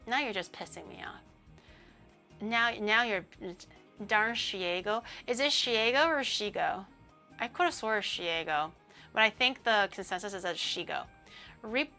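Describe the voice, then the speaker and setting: A woman's voice: a little high, bright, forceful tone. A woman streamer chatting casually on a livestream, ranting and swearing freely with a laugh.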